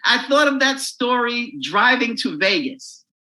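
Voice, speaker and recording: A man, a comedian, telling a crude, animated story while chatting as a podcast guest. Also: extremely high pitch, unhurried, low-quality recording.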